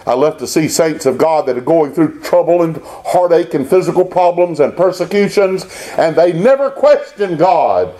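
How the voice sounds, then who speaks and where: A pastor preaching a Baptist sermon, rising into emphatic bursts and reading scripture aloud. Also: male voice, fairly high pitch, expressive, moderate pace, few pauses, mellow.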